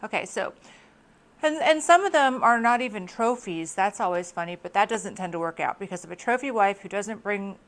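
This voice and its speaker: A middle-aged woman vlogger chatting to camera in a casual, expressive monologue, laughing often. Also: medium pitch, a little fast.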